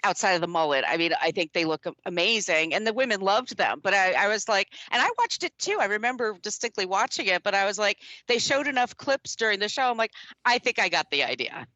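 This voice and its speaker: A woman's voice: medium pitch, quick pace, hardly any pauses, no echo, lo-fi sound. A woman co-hosting a casual movie podcast, talking animatedly and laughing often as she shares memories. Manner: animated, laughs often, strings thoughts with "I mean". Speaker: podcast co-host. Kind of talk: casual chat.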